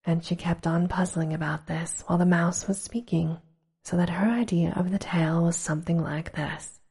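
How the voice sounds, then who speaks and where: A woman reading a storybook aloud in a hushed, slow whisper, as whispered role-play. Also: on the low side, fairly even intonation, slightly rough. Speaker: storybook reader.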